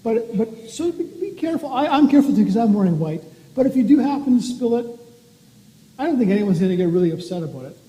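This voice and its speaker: A minister giving a gentle, playful communion talk to children in a church sanctuary, explaining things in simple words. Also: mid-range voice, big pitch swings, fast, breathy edge. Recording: long church reverb.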